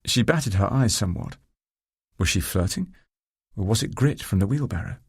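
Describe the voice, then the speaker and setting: Man, audiobook narrator, very low voice, husky, measured, wry. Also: lively intonation, a little mellow, no echo, studio quality. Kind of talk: first-person novel narration.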